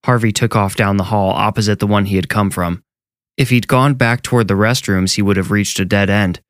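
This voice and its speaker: A man narrating a horror story in a measured, steady storytelling voice. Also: on the low side, no echo, clean studio sound. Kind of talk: scripted narration.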